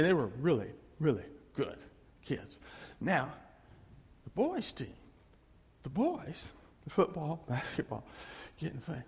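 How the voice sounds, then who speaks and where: A man preaching a sermon, emphatic and animated, acting out the people he quotes. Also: fairly high pitch, creaky, slightly rough. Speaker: pastor. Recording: long reverb of a big hall.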